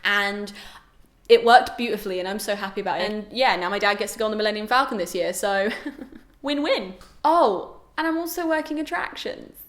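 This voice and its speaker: A young adult woman chatting casually to camera as a vlogger, animated and exclaiming. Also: mid-range voice, brisk. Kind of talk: casual vlog chat. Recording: roomy echo.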